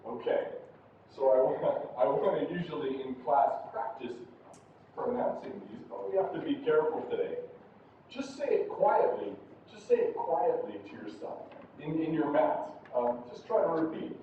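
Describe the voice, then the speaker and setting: A man teaching a university English class, giving patient step-by-step instructions and acting out exaggerated high and low intonation examples. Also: expressive, moderate pace, a little hiss or hum. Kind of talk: classroom lesson. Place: large classroom. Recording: roomy, distant, dull classroom audio.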